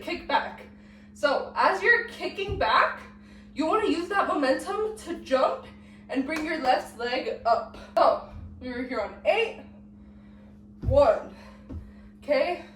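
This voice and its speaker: A woman's voice: sits high, far from the mic, a little hiss or hum. A young woman, sick and out of breath, teaching a dance step by step and counting the beats aloud while she moves. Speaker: dance tutorial host. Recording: echoey room, voice off-mic.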